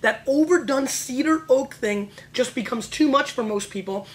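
Excitable man hosting a wine tasting. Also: extremely high pitch, low-quality recording. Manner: excitable, joking, rapid bursts. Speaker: wine show host. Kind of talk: casual wine tasting chat.

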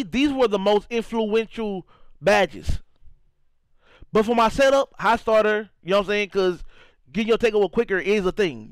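High-voiced man from St. Louis streaming. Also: smooth, no echo, low-quality recording. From St. Louis, Missouri. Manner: loose and repetitive, reacting to chat, frequent "you know what I'm saying". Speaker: gaming streamer. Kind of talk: casual live-stream commentary.

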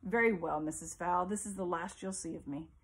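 A woman's voice: on the low side, fairly quick, vocal fry, husky. A woman voicing a cool, composed young boy who speaks politely and with restraint. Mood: dutiful.

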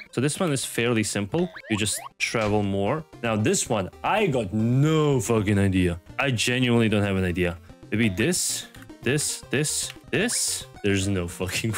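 A young man giving casual gameplay commentary, swearing and getting frustrated, jumping into high yells. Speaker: gaming video host.

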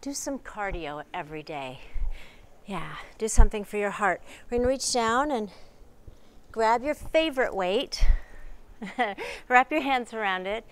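A woman's voice: mid-range voice, lively intonation, moderate pace, fairly bright tone. A woman leading a seated exercise class, counting repetitions and encouraging, a little out of breath.

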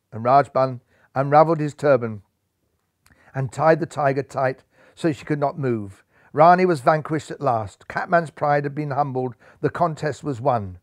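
A man narrating a children's storybook with dramatic, animated delivery. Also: mid-range voice, dry recording, clean studio sound.

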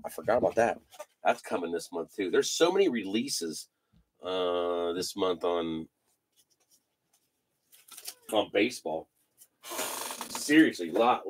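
Lively, energetic man hosting a card break. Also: low-pitched, breathy edge. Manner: energetic, calls out player names with slangy shout-outs to buyers. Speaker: host of a live trading card break. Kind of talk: live card break commentary.

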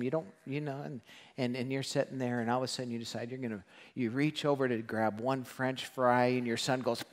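A man preaching a sermon to a congregation, animated and joking, acting out quoted voices. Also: mid-range voice, long reverb tail. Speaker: pastor. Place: church hall.

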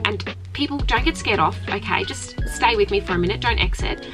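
A woman's voice: mid-range voice, brisk, over music. A woman, talking to camera in a casual vlog from a caravan. She talks in a hyper, giggly, rambling way and swears freely. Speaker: vlogger. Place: caravan, indoors.

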